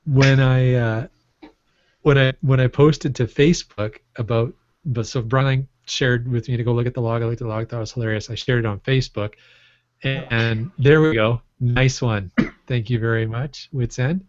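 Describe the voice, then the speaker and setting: A man's voice: mid-range voice, steady tone, moderate pace, a little mellow, no room sound. Podcast co-host, male, rambling and joking, dry and slightly dull recording. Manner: rambling, jokey, laughs often. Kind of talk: casual chat. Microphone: microphone on a stand. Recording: muffled, dry podcast audio.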